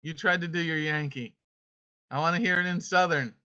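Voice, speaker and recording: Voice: medium pitch, a little fast, sharp tone, clean tone. A teacher running an online homeschool class over a video call, playfully calling on students by name and reading scripture aloud. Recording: dull lo-fi call audio.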